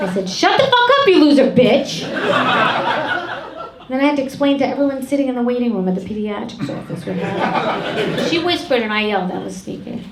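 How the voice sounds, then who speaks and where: A middle-aged woman performing a stand-up comedy set on a club stage, deadpan and brash with crude punchlines. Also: medium pitch. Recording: echoey room, loud audience noise.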